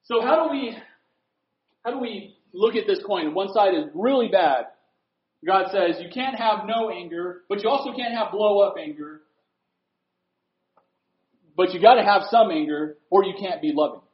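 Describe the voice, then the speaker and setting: Male pastor, high and lively voice, preaching in an echoey room. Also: normal speed, long pauses. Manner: animated preaching, swings from loud to hushed. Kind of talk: sermon. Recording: echoey room, dull lo-fi sound.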